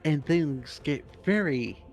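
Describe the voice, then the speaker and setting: A man's voice: a little high, lively intonation, slow pace, a little mellow. A man co-hosting a casual podcast, explaining game lore in a rambling, profane way and correcting himself as he goes.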